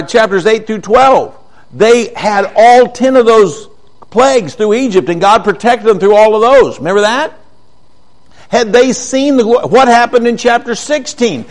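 A man preaching a conversational sermon, walking through Bible passages with rhetorical questions and an animated, teaching manner. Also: high voice.

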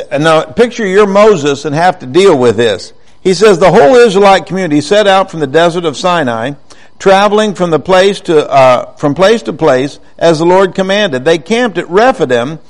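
A high-pitched man delivering a sermon in an easygoing, conversational way. He reads scripture aloud and keeps pressing his listeners with rhetorical questions. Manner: conversational, animated Bible teaching with rhetorical questions. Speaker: preacher.

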